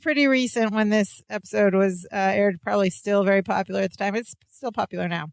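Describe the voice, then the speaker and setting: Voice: mid-range voice, quick pace, vocal fry, dry recording. A podcast co-host narrating episode plots steadily in casual chat, adding dry asides.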